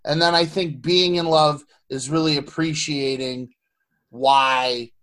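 A man's voice: fairly high pitch, steady tone, slow pace, a bit bright. A man in casual chat who asks questions and gives thoughtful answers, often repeating words as he starts. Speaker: podcast co-host asking questions.

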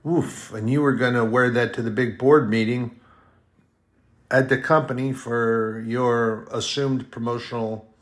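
A man's voice: medium pitch, fairly even intonation, a little slow. A man preaching in a folksy, rambling storytelling style, now and then acting out short quoted voices. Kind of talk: storytelling sermon.

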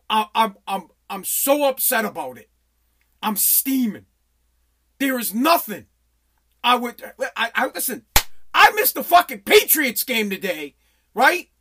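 Bright-voiced, agitated male podcast host. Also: extremely high pitch. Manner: agitated, rambling, stammering restarts, heavy swearing. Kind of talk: emotional solo podcast monologue.

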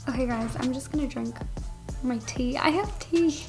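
A woman's voice: sits high, normal speed, darkish tone, faint music behind. A woman vlogging from home in a bubbly, gushing casual chat with her viewers, filling her talk with "like". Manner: bubbly, gushing, says "like" a lot. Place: at home with family over.

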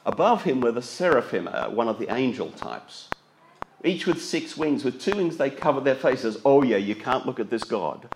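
A man's voice: mid-range voice, sing-song, moderate pace, a little hiss or hum, poor audio. A man preaching a sermon, reading scripture aloud and explaining it.

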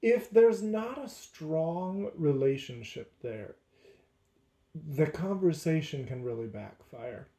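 A man who teaches, talking through faith and relationships in a measured, deliberate way. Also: a little high, animated, dark tone, reverberant. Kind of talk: casual faith discussion.

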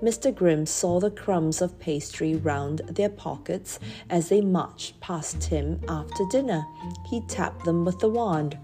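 A woman storyteller reading a children's book aloud in clear, measured narration. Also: fairly low pitch, mellow, soft background music.

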